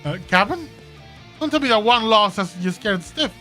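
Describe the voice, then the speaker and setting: A man voicing a jittery, excitable young pirate lackey in a fan voice-over of game dialogue. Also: high voice, normal speed, faint music behind.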